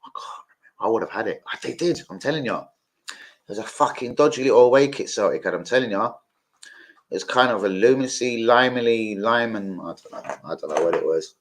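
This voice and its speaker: A man's voice: medium pitch, lively intonation, moderate pace. A man hosting a live football watch-along, chatting casually, rambling off-topic and swearing freely while talking to his viewers. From London.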